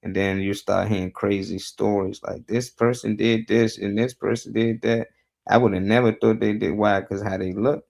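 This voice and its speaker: A man's voice: lowish voice, steady tone, normal speed, creaky, darkish tone. A man talking bluntly and casually on a live talk show, laid-back and profane as he tells his views.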